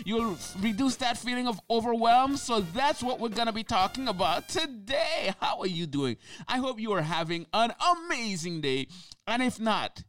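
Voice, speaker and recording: High-voiced excitable male podcast host. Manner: enthusiastic, laughs often, repeats words. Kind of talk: upbeat solo podcast.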